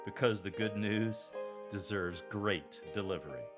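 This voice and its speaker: Man, lowish voice, unhurried and measured, coaching scripture readers for a podcast. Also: over music. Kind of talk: instructional podcast on reading scripture aloud.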